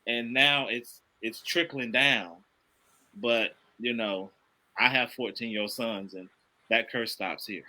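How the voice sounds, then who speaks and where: Bright-voiced earnest father, preaching softly. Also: medium pitch, slow pace, poor audio. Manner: earnest, preachy, emphatic repetition. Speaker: podcast guest, father. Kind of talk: casual conversation.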